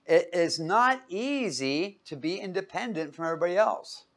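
A man's voice: sits high, lively intonation, moderate pace, a bit bright. A man giving an informal Bible teaching in a room with a whiteboard, casual and joking, often putting questions to his listeners.

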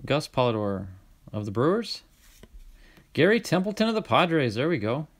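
A man hosting a casual card-opening video, reading out player names in a chatty way, with sudden bursts of excitement. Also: a little high, moderate pace. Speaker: card-collecting channel host.

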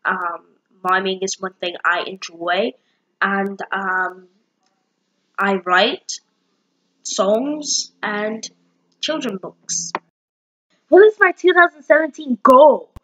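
A woman's voice: mid-range voice, takes it slowly, pauses often, fairly bright tone, poor audio. A young woman in her late teens chatting casually to camera with a bubbly, rambling manner and many fillers. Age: young adult. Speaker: vlogger.

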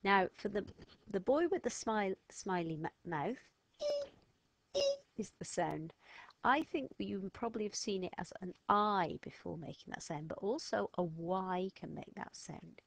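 A woman's voice: medium pitch, animated, moderate pace, vocal fry, no room sound. A woman giving a step-by-step French lesson to children, patiently sounding out letters and words. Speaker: French teacher. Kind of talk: slow step-by-step lesson narration.

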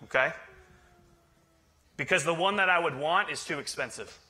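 A man preaching with a bright, forceful tone and a slightly high voice. He is a pastor who keeps the sermon conversational and playful and teases his listeners as he goes. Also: moderate pace. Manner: joking, conversational, teasing the congregation. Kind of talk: humorous sermon.

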